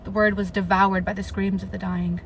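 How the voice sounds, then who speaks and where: A woman's voice: medium pitch, level tone, moderate pace, slight background noise. A woman streaming live as she reads a novel aloud, breaking off to rant and swear about the story with emphatic repetition. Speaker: livestreamer reading a novel aloud. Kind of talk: live read-aloud with reactions.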